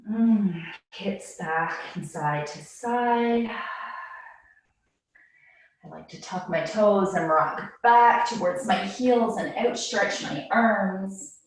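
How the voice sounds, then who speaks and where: A woman leading a yoga class, calmly cueing breaths and movements, a little out of breath. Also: medium pitch, takes it slowly, very echoey, recorded from a distance, poor audio. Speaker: yoga instructor. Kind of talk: guided yoga class instruction.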